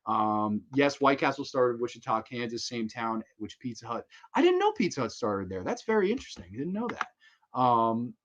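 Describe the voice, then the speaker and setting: Excitable, cussing man on a livestream. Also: medium pitch, moderate pace, lo-fi sound. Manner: excitable, laughs often, swears freely. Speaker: livestream host. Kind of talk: casual livestream chat.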